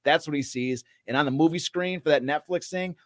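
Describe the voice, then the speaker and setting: A man's voice: fairly high pitch, a little fast, a bit bright, no room sound, clean studio sound. A man in casual podcast chat, enthusiastic and full of restarts. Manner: enthusiastic, many restarts and fillers. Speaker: podcast co-host, screenwriter. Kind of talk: casual chat, reading a screenplay aloud.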